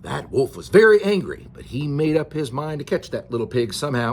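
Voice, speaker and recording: An older man reading a picture book aloud to his grandchild, expressive and chatty, pointing out the pictures as he goes. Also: on the high side, a little fast, few pauses.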